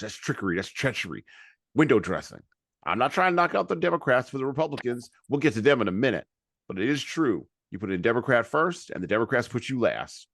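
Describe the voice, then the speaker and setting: With a mid-range voice and no echo, a man co-hosting a podcast alternates between reading long excerpts from speeches and making filler-heavy, hesitant remarks. The quoted parts come out noticeably stronger.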